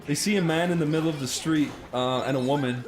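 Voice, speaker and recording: A man's voice: a little high, fast, over music. A young Irish man on a casual podcast, telling a long story with lots of laughter. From Ireland. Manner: animated, breaks into laughter while telling a story. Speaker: co-host.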